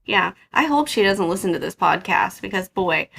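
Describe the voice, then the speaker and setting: Creaky-voiced woman telling funny stories. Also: mid-range voice, moderate pace. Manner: animated, laughing anecdote-teller. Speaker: podcast co-host. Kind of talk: casual storytelling chat.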